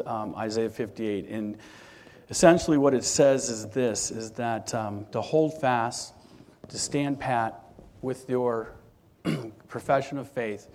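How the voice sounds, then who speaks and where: A man's voice: medium pitch, darkish tone. Guy preaching, just chatting a story out, lots of um and restarts, regular mid voice. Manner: conversational storyteller, frequent restarts and fillers. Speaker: church speaker. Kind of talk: sermon with personal testimony.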